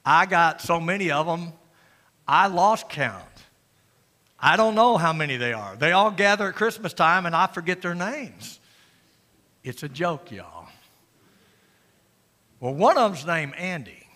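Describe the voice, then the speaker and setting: An older man delivers a folksy, joking sermon. His voice sits high and rings bright. It echoes with the long reverb of a church sanctuary. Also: very animated, a little slow, long pauses. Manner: folksy, joking, swings from loud preaching to quiet asides. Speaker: pastor.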